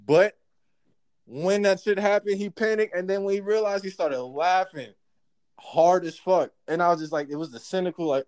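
A man casually telling a work story among friends, profane and animated, acting out what people said. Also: high voice, normal speed, clean tone. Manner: profane, animated, acts out quotes.

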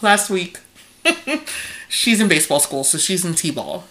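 A woman's voice: lowish voice, sing-song, slow, background noise. A woman co-hosting a podcast in casual chat, telling anecdotes and acting out what people said. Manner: chatty anecdotal storyteller, acting out quotes. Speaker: podcast co-host.

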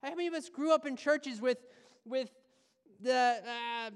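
A man preaching a sermon as a pastor, animated and conversational, with playful asides. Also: extremely high pitch, a little slow, smooth, big-room sound.

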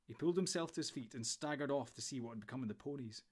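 A man reading a storybook in steady, measured narration. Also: medium pitch, slightly rough. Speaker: audiobook narrator.

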